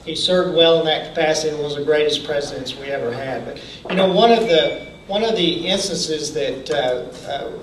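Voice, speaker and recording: A man giving a folksy motivational speech at a campaign training event. He often restarts his sentences and clears his throat. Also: a little high, normal speed, noisy background. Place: event hall. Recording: echoey hall from far off.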